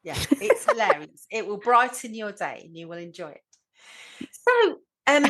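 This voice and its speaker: A woman's voice: mid-range voice, wildly swooping pitch, unhurried, fairly bright tone, rough recording. A woman, a nurse, co-hosting a podcast in an earnest, conversational manner. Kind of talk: casual chat.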